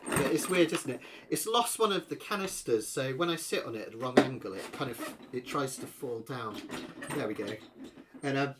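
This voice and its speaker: A man's voice: mid-range voice, lively intonation, normal speed, heavy background noise. A middle-aged man, rambling and chatty as he hosts a live ukulele lesson Q&A from home. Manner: chatty, rambling, self-deprecating, fillers. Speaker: ukulele teacher.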